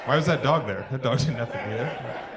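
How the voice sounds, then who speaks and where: Young male comic doing crowd work. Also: mid-range voice. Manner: crowd work, dry one-liners, pauses for laughs. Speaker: stand-up comedian. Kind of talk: live stand-up set. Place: theatre stage before a live audience. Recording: live theatre with audience laughter. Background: crowd laughing and clapping.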